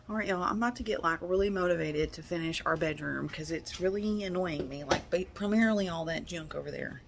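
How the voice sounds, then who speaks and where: A woman's voice: lowish voice, a little fast, creaky, few pauses, a little hiss or hum. A young woman, chatting casually to her camera as she walks around her yard and garden. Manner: chatty, self-talking, uses y'all and like. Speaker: vlogger. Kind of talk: casual vlog chat.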